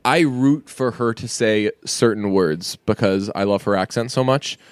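A man's voice: lowish voice, unhurried, clean tone, no room sound, studio quality. A man co-hosting a podcast, chatting casually, rambling and swearing, laughing often. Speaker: podcast co-host.

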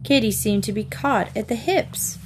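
A woman's voice: a little high, normal speed, a little hiss or hum. Woman reading a children's book aloud. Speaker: storybook reader.

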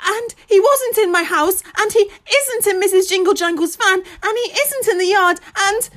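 A woman's voice: very high-pitched, moderate pace, a bit bright, pitched above the performer's own voice. A woman voicing a tearful young pig. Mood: tearful, panicky. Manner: tearful, stammering, non-standard grammar. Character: young farmyard pig, frightened and guileless.

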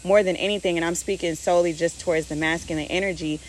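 Low-voiced woman in reflective casual chat. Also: fairly even intonation, fast talker, slight background noise. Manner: reflective, explains with acted-out example quotes. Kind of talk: casual conversation.

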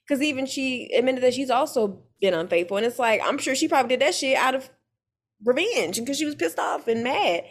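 A woman with a fairly high voice talks through a reality show in a casual co-host chat. She is animated and profane, and she keeps the talk moving. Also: fairly quick. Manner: animated, profane, mimics cast members. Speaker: podcast co-host.

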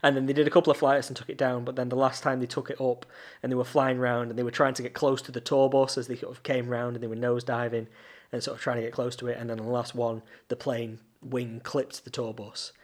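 A man's voice: medium pitch, flat delivery, fast. A man, co-hosting a podcast and telling long rambling anecdotes in casual chat, laughing often. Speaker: podcast co-host.

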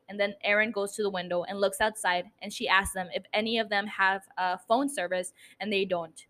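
A woman's voice: mid-range voice, sharp tone. A woman hosting a podcast, recapping a TV episode in casual, chatty talk with casual swearing and self-mocking laughs. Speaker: podcast host.

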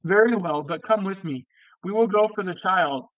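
Cast: grave, terse middle-aged fugitive, read by a man, smooth clear voice, lo-fi. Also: high voice, normal speed, no echo, close to an everyday voice. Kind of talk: audiobook reading.

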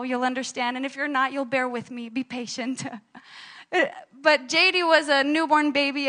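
A woman with a high, bright voice delivers a sermon in a church. She tells personal stories with lively animation and laughs at herself along the way. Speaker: preacher.

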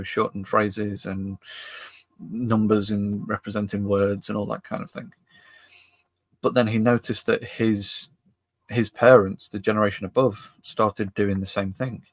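Rambling low-voiced male podcast host. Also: no room sound. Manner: rambling, circles back and restarts phrases. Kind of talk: casual chat.

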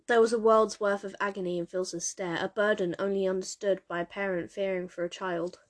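A woman narrating a dramatic story in a steady, measured reading. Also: medium pitch. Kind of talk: audiobook reading of fan fiction.

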